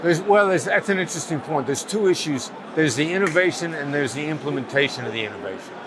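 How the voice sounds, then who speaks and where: Calm, measured man outdoors with traffic. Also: a little high. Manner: calm, measured, explaining patiently. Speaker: negotiation expert guest. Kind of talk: interview answers. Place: outdoors at a summit event.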